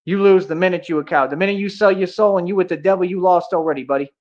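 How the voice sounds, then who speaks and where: A man's voice: high-pitched, very fast, a little mellow. A man ranting on a livestream, confrontational and taunting, with heavy street slang. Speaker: streamer. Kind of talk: livestream rant. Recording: dull lo-fi audio.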